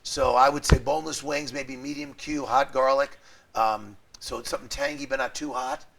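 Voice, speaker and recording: A man's voice: mid-range voice, lively intonation, normal speed, gravelly, a bit bright. A middle-aged man from New York with a New York accent, chatting animatedly as a restaurant owner being interviewed. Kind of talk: casual interview chat.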